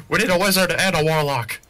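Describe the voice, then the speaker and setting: A man playing in a tabletop game, joking eagerly with quick asides. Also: fairly high pitch, sharp tone.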